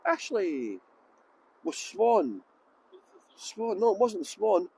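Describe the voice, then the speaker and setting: A man's voice: high voice, huge pitch swings, drawn-out words, vocal fry, a little mellow, slightly rough. A middle-aged tour guide chatting casually on a livestream outdoors in a busy city, joking and rambling as he greets viewers by name into a handheld phone.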